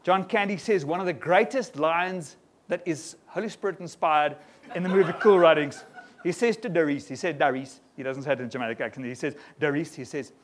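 A man preaching a sermon to a congregation in a lively style, often tagging on quick questions to the room. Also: on the high side, slight background noise. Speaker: pastor. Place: church hall before a congregation.

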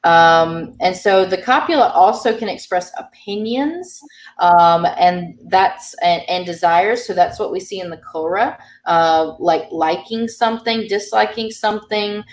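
Low-voiced woman teaching from afar. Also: a little slow. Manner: patient, explanatory, frequent ums. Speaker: Irish language teacher. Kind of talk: explaining grammar in an online class. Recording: roomy sound from a distant mic.

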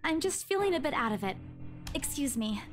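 An actress voicing a shaken young woman in a game, speaking quietly and hesitantly. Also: sits high, very animated, fairly quick, faint music behind. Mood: apologetic. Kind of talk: game voice acting.

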